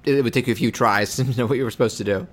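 Relaxed man co-hosting a podcast. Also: medium pitch, rapid-fire. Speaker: podcast co-host. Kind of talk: casual game talk.

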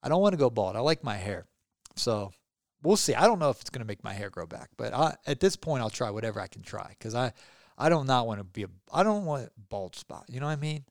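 A gravelly middle-aged man, chatting loosely on his podcast. He rambles upbeat with plenty of ums and asides. The sound is dry and close, with no room around it. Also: mid-range voice, expressive, fast talker, no echo. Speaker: podcast host. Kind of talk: casual solo podcast outro.

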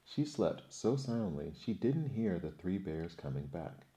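A man narrating a children's fairy tale in an expressive, measured storytelling manner. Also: low-pitched.

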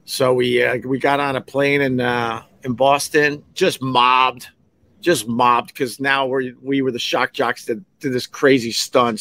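Bright-voiced rambling storyteller man. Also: mid-range voice. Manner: rambling, digressive, acts out quoted voices. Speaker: podcast host, former radio host. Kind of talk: casual storytelling monologue.

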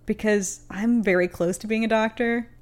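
A woman's voice: medium pitch, fairly even intonation, a little mellow. Teasing young woman podcast co-host. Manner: teasing, blunt, quick banter. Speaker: podcast co-host and scientist in training. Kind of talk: casual science chat.

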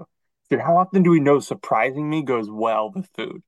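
Man, podcast co-host, casual chat, animated storyteller, dry close sound. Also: a little high, a little fast, dry recording, low-quality recording. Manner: animated storyteller, acts out quoted dialogue.

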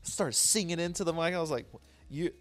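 A man co-hosting a casual podcast chat, ranting in an animated, profane way. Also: fairly high pitch, fast. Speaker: podcast co-host.

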